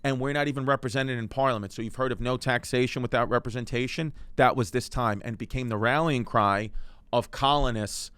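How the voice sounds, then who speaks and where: A man hosts a comedic history podcast, rambling and joking through the story while addressing the listener directly. His medium-pitched voice is brisk and a bit bright, with a clear, resonant tone and no room sound.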